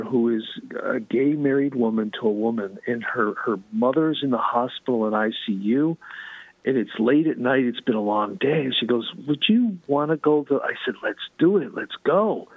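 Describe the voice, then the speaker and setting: Husky man over a tinny line. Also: mid-range voice, no echo. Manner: fervent, repeats and restarts. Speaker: guest. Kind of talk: storytelling testimony in a talk show.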